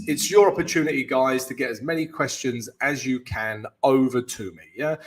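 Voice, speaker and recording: A man hosting a live forex stream, chatting loosely with viewers, greeting them and walking through his charts. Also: a little high. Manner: chatty, loose, keeps calling viewers "guys", light jokes. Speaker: forex trading coach and live stream host.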